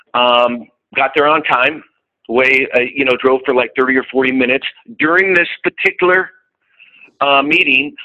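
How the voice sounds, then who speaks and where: Middle-aged male salesman, bright forward tone, candid and profane storyteller, lo-fi muffled radio audio. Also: mid-range voice. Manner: candid and profane, acting out both sides of conversations. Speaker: insurance salesman. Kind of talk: casual storytelling to a group.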